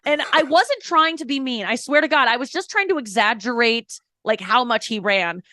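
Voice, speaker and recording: A woman's voice: on the high side, lively intonation, bright, forceful tone, no echo, studio quality. A woman stand-up comedian in a candid interview, talking frankly and emphatically, breaking off to correct herself and acting out quotes as she tells stories. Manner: frank, storytelling with acted-out quotes; quick, emphatic, self-correcting. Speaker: stand-up comedian, podcast guest.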